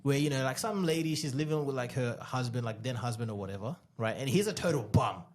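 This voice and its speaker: A man co-hosting a podcast, a former dating coach giving animated advice, repeating key phrases for emphasis. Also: mid-range voice, fast talker. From Australia.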